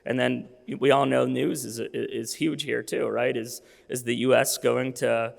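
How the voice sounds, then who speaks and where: A man's voice: medium pitch, little pitch movement, a little slow, gravelly. A man in his thirties giving a conference presentation, losing his voice, casual with many fillers and restarts. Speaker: conference speaker. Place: conference hall. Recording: long reverb of a hall.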